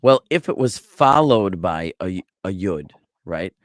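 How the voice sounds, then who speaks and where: A rabbi giving an online Bible Hebrew lesson, explaining step by step in a patient way with small jokes. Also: male voice, deep voice, sing-song, a little slow, dry recording, clean studio sound. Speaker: rabbi teaching a Hebrew class.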